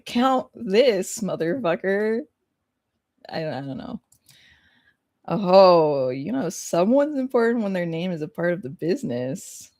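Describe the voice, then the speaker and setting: A young woman streamer reading a story game aloud and reacting excitably, with laughing asides and loud outbursts. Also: fairly low pitch, slow, no room sound, clean studio sound.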